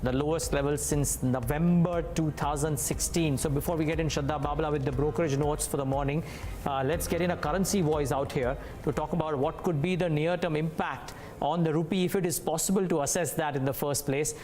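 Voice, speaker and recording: A man's voice: a little high, steady tone, fairly quick, a little mellow, slight background noise. A man with an Indian English accent anchoring live business news, thinking aloud as he checks market rates. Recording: music bed under studio voice.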